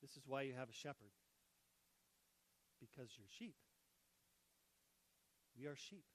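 A man preaching a sermon as pastor, swinging between hushed tender lines and loud, joking bursts. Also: mid-range voice, unhurried, slightly rough, low-quality recording. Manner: animated, shifts between hushed and loud, jokes.

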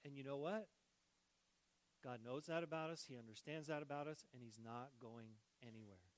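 A man preaching a sermon as pastor, swinging between hushed tender lines and loud, joking bursts. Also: medium pitch, normal speed, poor audio. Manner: animated, shifts between hushed and loud, jokes.

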